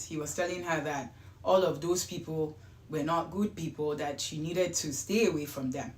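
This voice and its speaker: A woman hosting a show, telling a true-life story in a chatty, rambling way with excited bursts. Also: sits low, normal speed. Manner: chatty, wandering asides, gets louder and excited at times. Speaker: host. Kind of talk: casual storytelling. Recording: roomy echo.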